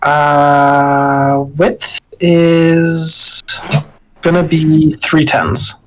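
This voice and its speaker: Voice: medium pitch, little pitch movement, very slow, rough recording. A player in a tabletop game, talking casually with many fillers. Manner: casual, filler-heavy talk.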